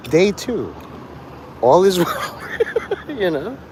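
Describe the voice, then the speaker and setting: A man's voice: high voice, big pitch swings, slow, darkish tone, a little hiss or hum. A man rambling to his livestream chat, swearing, joking and laughing often.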